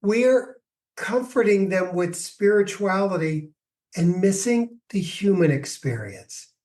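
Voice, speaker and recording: A man, a grief expert, answering podcast questions with slow, reflective stories. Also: high-pitched, lively intonation, a little mellow, far from the mic. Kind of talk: podcast interview, storytelling answers.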